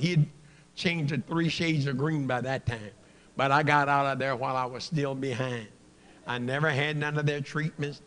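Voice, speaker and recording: An older man giving a health talk in a church, telling stories and acting out the dialogue. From California. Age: 60s or older. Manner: animated storytelling, acts out dialogue with big pitch swings. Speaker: guest health speaker at church. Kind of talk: storytelling health sermon.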